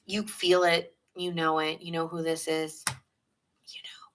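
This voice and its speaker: A woman's voice: deep voice, little pitch movement, a little slow, noisy background. A woman from New York with a New York accent, giving a chatty, rambling live tarot reading and greeting viewers in the chat. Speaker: tarot reader.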